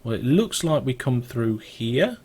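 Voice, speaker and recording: A man's voice: medium pitch, very animated, a little slow, a little mellow, breathy edge. A British man with a mid-range voice talks through a building game as its host. He thinks aloud and wanders from point to point in a chatty, easygoing way. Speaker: let's play host. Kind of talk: casual gameplay commentary.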